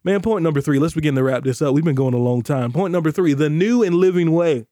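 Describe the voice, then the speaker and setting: Speaking fast with hardly any pauses, a pastor preaches a podcast sermon in a warm, mellow voice a little high for a man. He stretches out key phrases for emphasis on scripture, and the dry, close recording has no echo or room sound.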